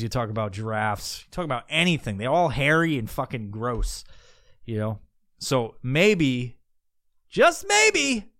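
A man's voice: medium pitch, a bit bright, clean tone, no room sound, studio quality. A man hosting a podcast, rambling in a casual monologue, swearing often and restarting his sentences. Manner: rambling, profane, musing aloud with many restarts. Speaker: podcast host.

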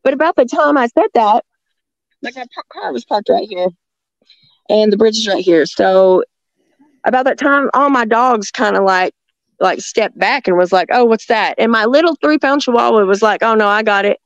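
A woman telling stories in a rambling, halting way, with many restarts, talking from a rural home near the woods. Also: a little high, lively intonation, dry recording, muffled recording. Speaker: guest telling encounter stories. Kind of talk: casual storytelling on a call-in show.

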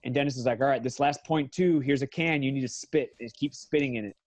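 As a podcast guest, an MMA fighter in his thirties talks casually and fast, swearing freely, rambling, and often correcting his own numbers. His middle-pitched voice is a little mellow, recorded dry and close with no echo or room sound.

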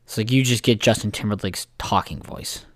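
A man's voice: lowish voice, a little fast, fairly bright tone, dry recording, studio quality. A man in casual podcast chat, loose and joking, swearing freely.

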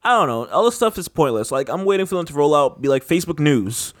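A man's voice: fairly high pitch, lively intonation, fast, no echo, clean studio sound. A man in casual chat, rambling with lots of filler words and a skeptical tone.

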